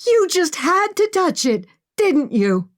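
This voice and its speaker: A woman voicing a sharp-tongued, pessimistic young woman who snaps and speaks with sarcasm, in an audiobook. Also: very high voice, sing-song, slow, no echo, studio quality, voice pushed up, full character voice. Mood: sarcastic. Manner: sarcastic, snappish.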